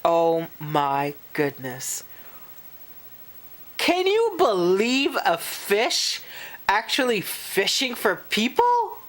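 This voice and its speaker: A woman reading a children's picture book aloud, animated and expressive, pausing to talk to young listeners. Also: medium pitch. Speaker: storyteller.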